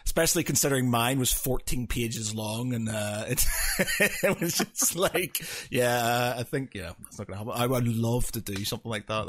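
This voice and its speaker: A man's voice: medium pitch, a little hiss or hum. A man co-hosting a podcast, rambling in a hesitant, self-deprecating way. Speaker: podcast co-host. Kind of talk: casual podcast chat.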